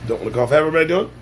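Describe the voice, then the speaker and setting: A man's voice: fairly high pitch, a little hiss or hum. A man hosting a casual live-stream show, talking in a profane, sarcastic and preachy way. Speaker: livestream show host.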